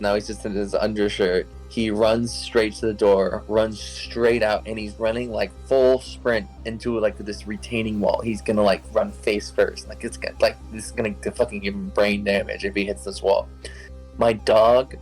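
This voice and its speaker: Young male guest, lowish voice, loose rambling storyteller, cussing, faint music underneath. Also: a little mellow, low-quality recording. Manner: rambling, heavy on "like" fillers, swears; laughs while telling. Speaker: guest telling his story. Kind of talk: casual storytelling.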